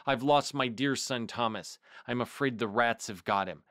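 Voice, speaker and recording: A man reading aloud and voicing an anxious mother cat, speaking softly and fretfully as if near tears. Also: medium pitch, normal speed, no room sound, studio quality, lightly acted. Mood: tearful. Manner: soft, fretful, tearful.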